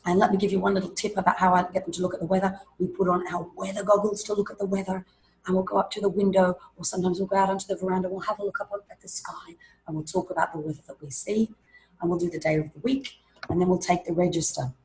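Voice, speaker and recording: A woman presenting an online teaching webinar, explaining classroom activities in a lively way and acting out examples. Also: fairly low pitch, fast, a little hiss or hum, poor audio. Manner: lively, demonstrates classroom voices and chants.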